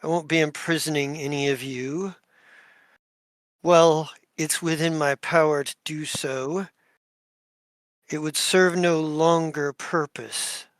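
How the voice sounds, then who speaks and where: A man voicing an imperious, commanding male duke who speaks formally and slowly. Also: a little high, fairly even intonation, no echo. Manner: formal, pronouncing judgment slowly.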